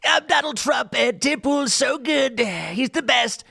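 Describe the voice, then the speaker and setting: A man doing an exaggerated impression of an older politician at a rally, slow and boastful with loud superlatives. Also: very high voice, animated, creaky, slightly rough, voice pushed up, full character voice.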